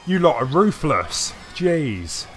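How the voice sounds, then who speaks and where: A gaming streamer with a slightly high, sing-song, a bit bright voice talks slowly through his live stream. His voice rises and falls a lot as he rambles, stopping to read and answer chat with many hesitations, and faint game music plays underneath.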